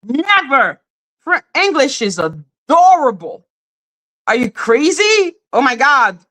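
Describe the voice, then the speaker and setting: A woman's voice: high-pitched, very animated, takes it slowly, pushed and bright. A woman with a French accent, a native French speaker, ranting and mocking with profanity as a livestream host.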